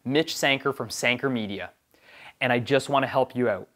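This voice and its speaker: A man's voice: medium pitch, moderate pace, a bit bright. A young adult man hosting a video about on-camera speaking, giving tips in an upbeat, emphatic coaching tone. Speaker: video production host.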